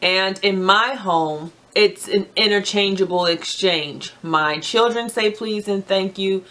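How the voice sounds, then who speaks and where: A woman's voice: mid-range voice, slow pace, fairly bright tone. Earnest middle-aged woman giving marriage advice. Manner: earnest, frank, reflective, with hesitations. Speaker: marriage vlogger. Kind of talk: casual advice talk to camera.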